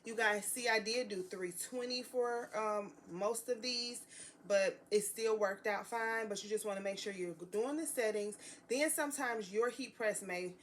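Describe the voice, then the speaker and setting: A woman's voice: mid-range voice, slight background noise. A woman vlogging a crafting tutorial, gushing and chatty, talking straight to her viewers as y'all.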